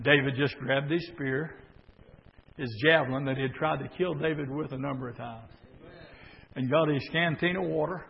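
Preacher shouting in a church. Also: male voice, a little high, steady tone, moderate pace, creaky. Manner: preaching that swells into shouted bursts. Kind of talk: sermon. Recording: dull recording in a reverberant church.

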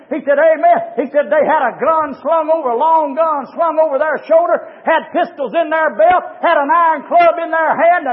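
Preacher man hollering a fiery sermon, voice way up high, sounds like an old tinny phone-line tape. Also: in a large hall. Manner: hollering, fervent preaching with sudden loud rises. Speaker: pastor.

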